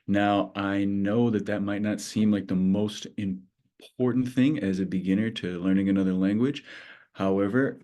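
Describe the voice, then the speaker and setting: A male Spanish teacher explaining a beginner lesson, patiently slowing down to model words. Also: fairly low pitch, a little mellow.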